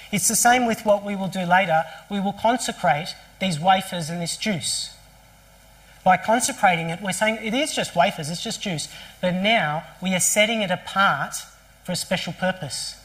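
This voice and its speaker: A pastor preaching at a church service, with a voice of middling pitch. The delivery is animated storytelling, full of rhetorical questions and quick restarts. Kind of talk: sermon.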